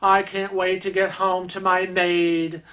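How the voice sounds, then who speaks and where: Snooty rich woman passenger, whiny and entitled, a bit higher and louder, put on by a man. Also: little pitch movement, slow. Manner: haughty, whiny complaining.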